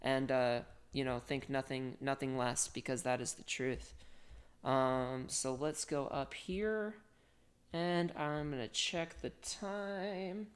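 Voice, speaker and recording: A woman's voice: very deep voice, fairly even intonation, slow, clear, resonant tone. A woman instructor chatting playfully through a live-streamed hacking walkthrough, reading comments aloud and joking between technical steps. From part Colombian, part Italian heritage.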